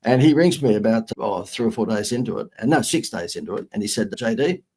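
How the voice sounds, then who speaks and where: A middle-aged man with an Australian accent, a guest on an interview show, telling lively anecdotes with sarcastic humor. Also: on the low side, fast, husky. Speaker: guest, marketing consultant. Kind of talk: storytelling interview chat.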